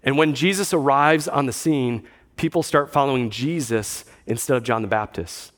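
Guy preaching a chatty sermon, dry jokes, acts out quotes, mid-pitched voice. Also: moderate pace. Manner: conversational preaching with dry humor and acted quotes. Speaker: pastor.

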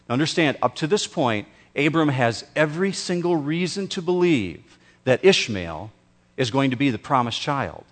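A man preaching a sermon as pastor, slow and emphatic, with dramatic pauses. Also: mid-range voice, big pitch swings.

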